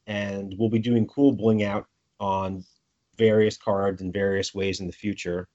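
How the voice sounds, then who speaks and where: A man's voice: lowish voice, level tone, takes it slowly, a little mellow. A man with a Brooklyn accent, interviewed about the game he designs, thoughtful and joking, often restarting his phrases. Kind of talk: conversational interview. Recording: lo-fi audio.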